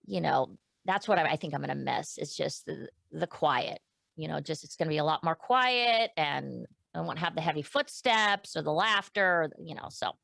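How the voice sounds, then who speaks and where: Midlife woman guest, emotional, stumbly restarts, low-ish voice, dead dry room. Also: lively intonation, moderate pace, vocal fry, fairly bright tone, no echo. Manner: candid, emotional, many restarts and fillers. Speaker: podcast guest. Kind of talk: casual interview chat.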